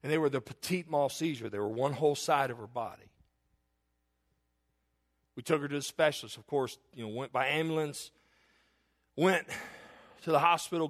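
A middle-aged male pastor telling a personal story in a sermon, earnest, rising to emphatic declarations and dropping to hushed tones. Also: on the high side.

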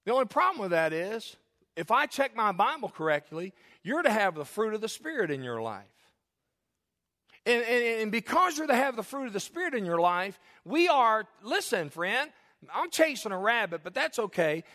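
Emphatic high-voiced preacher in a hall. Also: male voice, big pitch swings, moderate pace, pushed and bright. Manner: emphatic, call-and-response preaching with jokes. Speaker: pastor. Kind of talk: sermon. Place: church sanctuary.

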